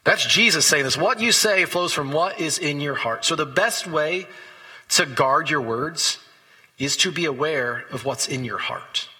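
A man's voice: on the high side, expressive, measured pace, sharp tone, slightly rough, long reverb tail, low-quality recording. A man preaching a sermon as pastor, talking conversationally and telling stories between scripture readings.

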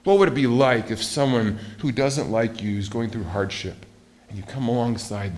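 A man's voice: mid-range voice, moderate pace, darkish tone, slight background noise. A male pastor preaching a sermon in an earnest, emphatic way, often restarting his sentences.

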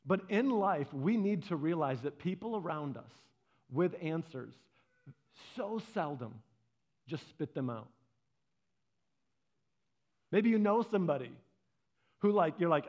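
A male pastor delivering a conversational sermon, telling stories and swinging from loud to hushed. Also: a little high, expressive, unhurried, pauses often. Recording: dull lo-fi sound.

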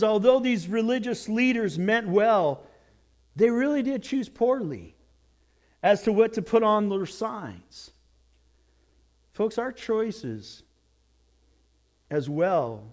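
A man preaching a sermon as pastor, telling stories and jokes with lively acted quotes. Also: high voice.

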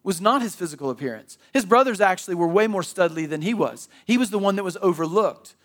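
A man's voice: sits high, expressive, fast talker, fairly bright tone. A man preaching a sermon in a church, conversational and emphatic, often restarting and repeating words. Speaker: pastor.

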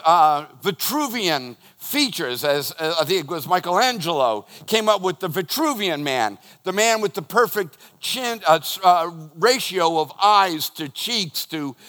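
A middle-aged man, a pastor, preaching a sermon with lots of energy, swinging between loud emphasis and quiet storytelling. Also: on the high side. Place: church auditorium. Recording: long hall reverb.

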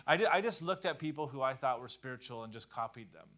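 A man preaching a conversational sermon in a lively, animated way, full of casual fillers. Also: mid-range voice, fast. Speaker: pastor.

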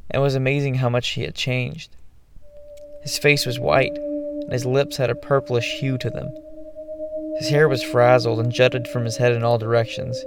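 A man narrating a first-person horror story in a measured, ominous storytelling manner. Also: medium pitch, a little hiss or hum. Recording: narration over music.

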